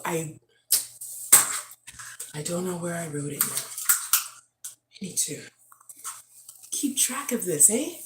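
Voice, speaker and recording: A woman vlogger chatting casually on a livestream, reading comments aloud. She talks in an effusive, excitable way, with bursts of prayerful praise. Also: medium pitch, very noisy.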